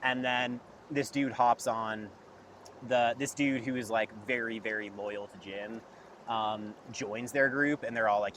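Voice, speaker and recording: A man's voice: fairly low pitch, steady tone, moderate pace, background noise. Young man rambling through a story. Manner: rambling storyteller, heavy use of "like". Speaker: podcast guest. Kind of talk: casual chat.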